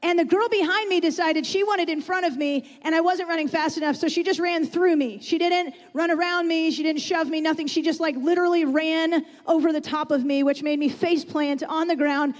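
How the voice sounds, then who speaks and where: A woman preaches in a church sanctuary in a very high-pitched voice, talking a little fast with few pauses and fairly even intonation. Her delivery is conversational, and she frequently asks the congregation questions. The hall adds a long reverb.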